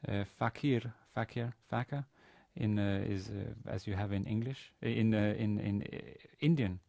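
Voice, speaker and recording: A man giving a university grammar lecture, pausing often with fillers and restarting his sentences. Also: lowish voice, fairly even intonation, creaky, dark tone, no echo. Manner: hesitant, many fillers and restarts. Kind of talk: classroom lecture. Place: university classroom.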